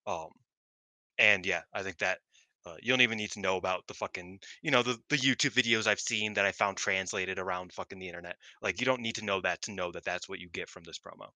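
A man chatting casually on a podcast, an animated storyteller who swears freely and says "like" a lot. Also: low voice, fast talker, dry recording. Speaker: wrestling podcast panelist.

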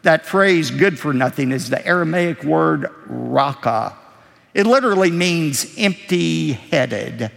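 Male pastor preaching a sermon, animated delivery with gravelly texture, long church reverb. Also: unhurried. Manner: emphatic preaching, rising for stress and dropping low for asides.

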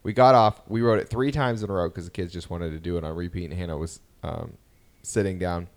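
A man's voice: deep voice, brisk. A man in his thirties co-hosting a podcast, telling family stories in casual chat and acting out what his kids said. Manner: lively storytelling, acting out his kids' lines. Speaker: podcast co-host.

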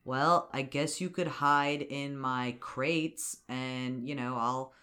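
A podcast host voicing a helpful woman smuggler with a wagon, in a slow, offhand way while retelling a movie. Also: medium pitch, fairly even intonation, sharp tone.

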